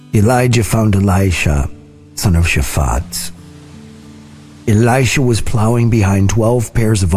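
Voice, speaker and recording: A man reading scripture aloud in a slow, deliberate, soft-spoken way. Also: on the low side. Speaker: scripture reader. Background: soft guitar music.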